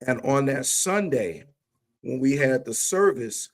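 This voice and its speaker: Speaking at a measured pace over a remote livestream call, a man with a mid-range voice and lively intonation tells a church story. He tells it with animation, acting out the dialogue.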